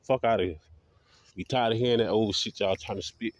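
A man's voice: lowish voice, brisk, no room sound. A man vlogging in a combative, profane ranting monologue, talking defiantly. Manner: combative, defiant, heavy swearing.

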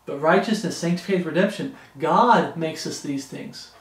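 A man's voice: on the high side, normal speed, reverberant. A man preaching a sermon with an earnest, pleading delivery.

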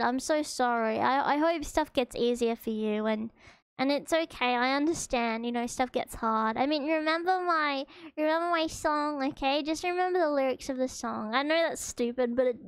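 A woman's voice: sits high, smooth, no echo. A young woman with an Australian accent, chatting casually with viewers as a streamer in a hesitant, rambling, emotional way.

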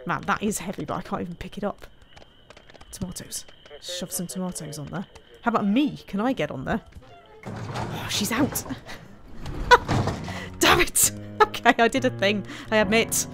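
A woman's voice: medium pitch, expressive, normal speed, long pauses, music in the background. A woman commenting casually as she plays a video game, chatty and often laughing, teasing the characters on screen. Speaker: gaming streamer. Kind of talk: casual let's-play commentary.

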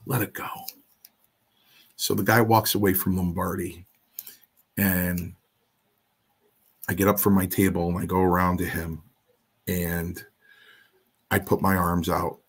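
A man's voice: sits low, little pitch movement, measured pace, pauses often, slightly rough. A man guest in an interview, telling a story in a casual way and acting out the other voices in his quotes.

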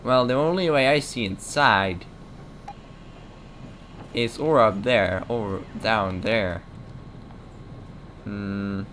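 A man's voice: on the low side, extremely slow, pauses often, a little hiss or hum. A man giving joking, self-mocking commentary while playing a shooter game. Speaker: gaming channel host. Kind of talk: let's play commentary. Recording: loud game gunfire over the voice.

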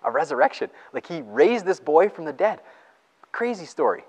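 An enthusiastic man preaches and reads scripture with a lively voice that swoops up and down. He keeps a chatty tone and often laughs between points. His voice rings out with the long echo of a church hall. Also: high voice, moderate pace, creaky, slightly rough. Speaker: pastor. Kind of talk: sermon with scripture reading.

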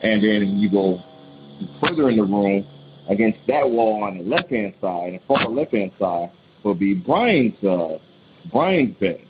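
Man, caller, casual storytelling, rambling, restarts, muffled phone sound, steady hiss. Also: fairly low pitch, unhurried. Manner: rambling, many restarts and repeats; animated when quoting. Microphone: phone call.

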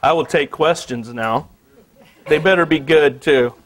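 Animated laughing male storyteller. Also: a little high, unhurried, some chatter behind, slight background noise. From Missouri. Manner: animated, laughing, lots of "you know". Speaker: artist giving a gallery talk. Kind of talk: casual storytelling talk. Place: museum lecture space.

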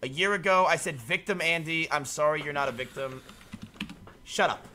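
A man streaming casually, talking to his chat in an animated way and swearing freely. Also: on the high side, normal speed, a little hiss or hum. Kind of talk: casual livestream commentary.

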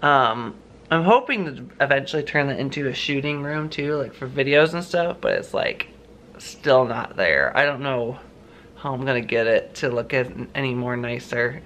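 A man's voice: medium pitch, animated, normal speed, fairly bright tone, slight background noise. A man vlogging in a casual, rambling, chatty way with lots of fillers. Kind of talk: casual vlog chat. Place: home, then a store.

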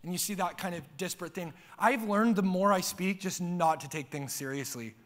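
A man preaching a sermon to a church congregation in a casual, slangy way, with big swings in pitch and loudness. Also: normal speed. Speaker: pastor. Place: church sanctuary before a congregation.

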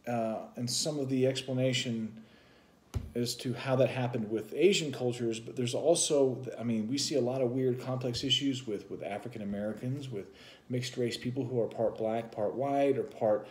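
A man's voice: medium pitch, normal speed. A man co-hosting a vlog, talking casually and musing at length in a loose, rambling explanation. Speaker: vlog co-host.

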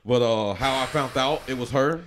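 A Chicago-born podcast guest tells his life story in a loose, rambling fashion, repeatedly restarting and using fillers, in casual interview storytelling. His mid-range voice is a bit bright and moderately paced. Slight background noise is present.

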